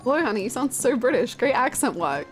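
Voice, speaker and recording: Casting: high-pitched, chatty woman game streamer, casual commentary. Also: very animated, a little fast, faint music behind. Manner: chatty and giggly, reading chat aloud.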